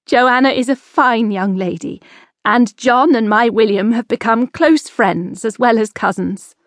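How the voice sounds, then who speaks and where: Woman reading a soft-spoken noblewoman, higher voice. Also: measured pace, dry recording, studio quality. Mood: fond. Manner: warm, soft-spoken, anxious to please. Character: gentle, fond noblewoman, sister-in-law.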